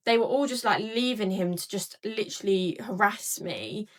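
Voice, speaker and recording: A woman's voice: mid-range voice, moderate pace. A young woman casually telling a long story to camera, rambling with many fillers and acting out both sides of a conversation. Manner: chatty, rambling, filler-heavy retelling.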